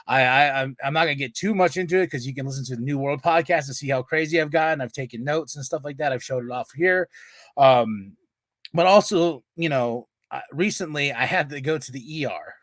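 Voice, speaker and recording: A man's voice: medium pitch, fairly quick, a bit bright, no echo. A man hosting his podcast, telling a story in a rambling, profane way with many restarts. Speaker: podcast host. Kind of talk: casual storytelling.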